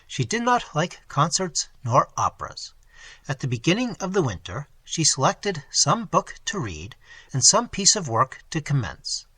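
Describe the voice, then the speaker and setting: A male audiobook reader narrates in a measured, expressive way, his pitch rising and falling widely. His voice is bright and somewhat husky, and it sits close and dry on the mic. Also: dry recording. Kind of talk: scripted narration.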